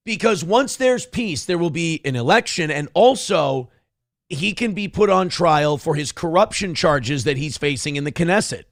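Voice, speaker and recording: A male host rants through political news with biting sarcasm and lots of profanity. His voice sits fairly high for a man and has a gravelly rasp. The sound is dry and close, with no room around it. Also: dry recording. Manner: sarcastic, ranting and heavy on profanity. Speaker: show host.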